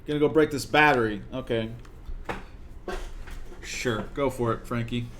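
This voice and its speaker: A man's voice: mid-range voice, moderate pace, a bit bright, slight background noise. A young man streaming a colony game, talking to his characters in a coaxing, exasperated way. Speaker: gaming streamer. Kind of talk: live gameplay commentary.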